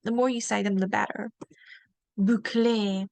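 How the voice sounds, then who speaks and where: A woman teaching a beginner French lesson, modelling each word slowly and asking learners to repeat it. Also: mid-range voice, steady tone, vocal fry, a little mellow, no room sound. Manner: slow, drawn-out modelling of each word for repetition.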